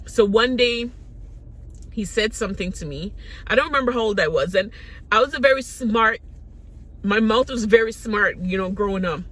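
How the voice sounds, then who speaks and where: Caribbean-raised woman vlogging her story, bright voice, rambles and restarts a lot. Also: medium pitch, normal speed, pauses often. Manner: candid, rambling, frequent restarts. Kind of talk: personal storytelling to camera.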